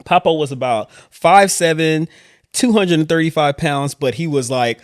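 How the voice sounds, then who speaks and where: A man from Queens, telling stories in a casual, animated vlog chat. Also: a little high, no echo, studio quality. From Queens, New York. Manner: animated, quick asides and laughs. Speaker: vlog host telling his story.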